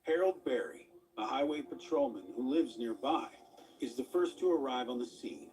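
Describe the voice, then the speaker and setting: A man reads a scripted documentary narration in an even, measured manner. His pitch sits in the middle range. The mic is set back a little. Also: distant mic, low-quality recording.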